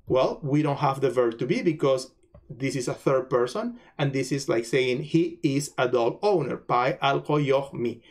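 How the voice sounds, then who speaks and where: A man teaching a recorded language lesson, repeating each phrase slowly with its translation and pausing often to search for words. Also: a little high, darkish tone. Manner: pauses to search for words, many fillers. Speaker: language lecturer.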